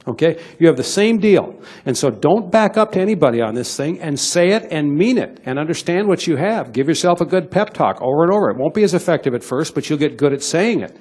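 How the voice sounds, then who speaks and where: Fast-talking husky middle-aged sales trainer. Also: male voice, a little high, lively intonation, a little mellow. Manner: punchy, direct, coaxing, acts out sales dialogues. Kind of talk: motivational sales talk to an audience.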